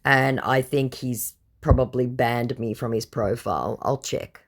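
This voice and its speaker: A woman's voice: very deep voice, unhurried. A tired woman telling a scam-bait story in a blunt, sarcastic, exasperated way. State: tired from the heat. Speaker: vlogger recounting scam-bait chats. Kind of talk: casual storytelling to camera.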